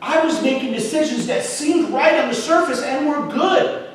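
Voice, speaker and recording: High-voiced pastor preaching in an echoey hall. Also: male voice, normal speed, a little hiss or hum. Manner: storytelling, animated, shifts between loud emphasis and soft asides. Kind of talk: sermon. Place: church auditorium. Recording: echoey hall, mic at a distance.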